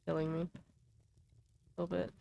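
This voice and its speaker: A woman's voice: fairly low pitch, monotone, moderate pace, creaky, dark tone, muffled recording, slight background noise. A woman streamer making amused, offhand remarks while playing a game. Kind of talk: casual gameplay commentary.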